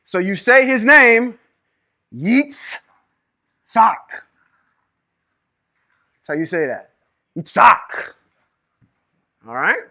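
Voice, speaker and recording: A man teaching Hebrew reading and scripture to a live group, lively and quizzing the room with questions. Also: high voice, takes it slowly, long pauses. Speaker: Bible teacher. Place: room with a small live audience.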